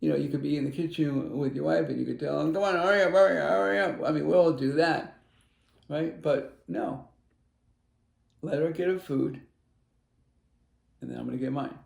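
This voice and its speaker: Male card reader, middle-aged, gravelly warm tone, meandering earnest delivery. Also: fairly high pitch, fairly even intonation, normal speed, long pauses, reverberant. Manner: earnest and meandering, with acted-out inner voices. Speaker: spiritual advisor giving a card reading. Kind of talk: tarot card reading.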